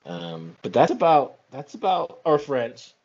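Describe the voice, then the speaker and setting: Husky-voiced man chatting casually. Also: medium pitch, unhurried. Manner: rambling, animated, many fillers. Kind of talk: casual chat. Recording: dull lo-fi recording.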